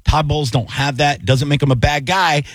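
A man hosting a sports radio show, talking in an animated, excitable way and calling people "dude" and "buddy". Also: on the high side, moderate pace, dry recording. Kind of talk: casual sports radio chat.

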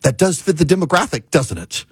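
A man's voice: fairly high pitch, sing-song, a little fast, breathy edge, no echo, clean studio sound, voice pushed up, full character voice. Man mimicking a wry male AI assistant. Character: chatty male voice assistant with an Australian accent.

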